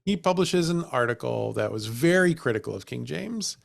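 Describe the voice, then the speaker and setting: A man co-hosting a comedy history podcast, telling the story casually with jokes, laughter and quick acted-out asides. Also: mid-range voice, animated, creaky. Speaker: podcast co-host.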